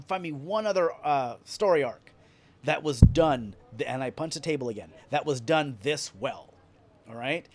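A male podcast host excitedly recapping a wrestling event in casual, profane storytelling. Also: medium pitch.

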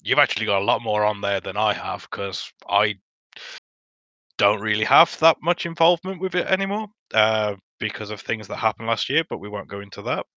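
A man as a podcast guest in casual chat, earnest and halting, full of fillers and restarts. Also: fairly low pitch, lively intonation, sharp tone, no echo, highs cut off.

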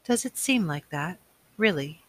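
A man reading the lines of a curious, dreamy teenage girl from a novel, in a soft, wondering way. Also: high voice, expressive, unhurried.

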